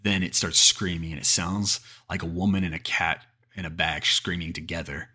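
A man's voice: deep voice, fairly even intonation, moderate pace, sharp tone, husky. A man narrating a creepypasta horror story in a cursing, casual way, often restarting mid-sentence.

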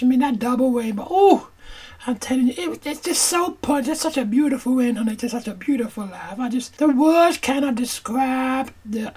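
A woman's voice: sits high, darkish tone, slightly rough. A woman playing Nanny Prescott, a rambling grandmother. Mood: grieving. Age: older. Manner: calls everyone "honey child", rambling and theatrical. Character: chatty older grandmother who brags about royal encounters. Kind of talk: comedy audio drama acting.

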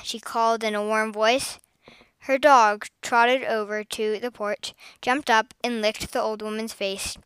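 Expressive female storyteller, clear dry read, slightly high. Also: no echo, poor audio. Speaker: narrator. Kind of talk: children's story reading.

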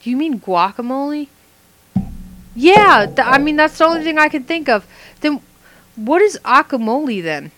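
A young woman chatting casually, telling a funny story in an animated way and laughing often. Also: high-pitched, normal speed, pauses often. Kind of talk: casual chat.

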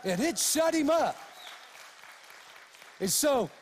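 A man's voice: very high voice, slow, long reverb tail, a faint crowd, slight background noise. A man preaching a sermon as a story, acting out the voices of the people in it. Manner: animated storytelling, acts out quoted voices.

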